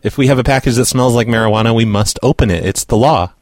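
A man's voice: mid-range voice, quick pace, a little mellow, no room sound. A man hosting a prank call radio show, brash and profane, talking casually and posing as an official on calls.

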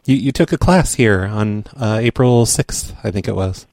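A man making a prank phone call, pushy, rude and deadpan. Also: on the low side, moderate pace, no room sound, clean studio sound. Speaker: prank caller.

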